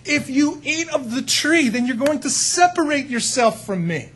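A man voicing God as a pleading, fatherly deity, with a raspy voice and earnest, emphatic delivery. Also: very high voice, very animated, moderate pace, a bit bright, voice pushed up, exaggerated voice.

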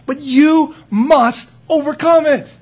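A man voicing God as a pleading, fatherly deity, with a raspy voice and earnest, emphatic delivery. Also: very high-pitched, slow pace, pitched above the performer's own voice. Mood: urging.

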